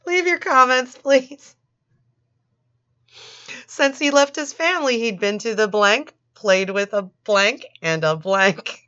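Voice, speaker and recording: A woman reads a children's picture book at an unhurried pace, breaking off for sarcastic, foul-mouthed asides and frequent laughter. Her voice is bright and forward, caught on a dull, lo-fi recording. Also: fairly high pitch. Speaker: channel host reading a storybook. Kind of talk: mocking read-aloud of a children's book with commentary.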